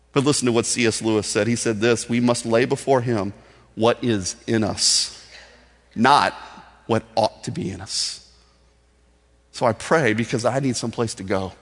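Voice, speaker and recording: A man preaching a sermon in an earnest, conversational way, acting out simple prayers. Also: a little high. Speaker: pastor. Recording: long hall reverb.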